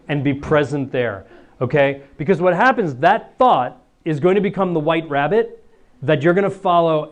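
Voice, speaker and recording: A man, a priest, giving a lively talk to students, acting out little scenes and laughing as he goes. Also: a little high. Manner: animated, acts out voices, laughs often.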